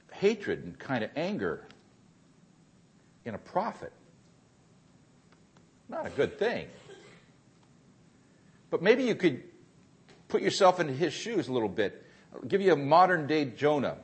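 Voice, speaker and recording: A man preaching a sermon, telling a story that moves between hushed, quiet passages and rising intensity. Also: medium pitch, breathy edge.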